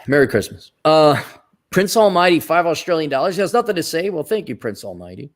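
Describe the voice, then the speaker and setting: A man's voice: on the high side, very animated, normal speed. A man hosting a casual livestream, reading out viewer donations and giving blunt, rambling opinions with frequent restarts.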